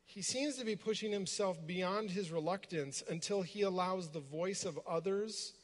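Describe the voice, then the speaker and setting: A man with a somewhat high voice delivers a sermon, walking his listeners through the story and pausing on rhetorical questions. His voice rings out with a long reverb, as in a large hall. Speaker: preacher. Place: room with a gathered congregation.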